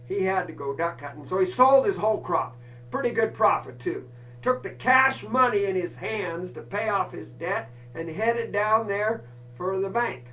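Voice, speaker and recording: Folk storyteller, campfire tale, folksy asides, bright voice, distant from mic. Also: mid-range voice, lively intonation, moderate pace, a little hiss or hum.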